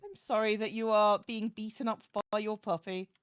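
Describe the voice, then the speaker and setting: A woman's voice: medium pitch, little pitch movement, clear, resonant tone, dry recording, clean studio sound. A woman chatting casually on a voice call, reassuring and playful, often restarting her sentences. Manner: reassuring, playful, talks in quick bursts with restarts. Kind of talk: casual chat.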